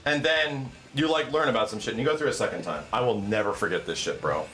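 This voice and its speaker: A man hosting a stream, swearing and telling an animated, excitable story in casual chat. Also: lowish voice, fast talker, faint music behind. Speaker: streamer host.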